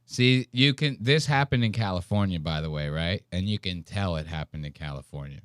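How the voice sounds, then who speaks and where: A man's voice: low-pitched, a little fast, smooth, no room sound, clean studio sound. A young man hosting a podcast, reacting to a video in a rambling, profane and incredulous way. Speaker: podcast host. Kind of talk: casual commentary reacting to a video.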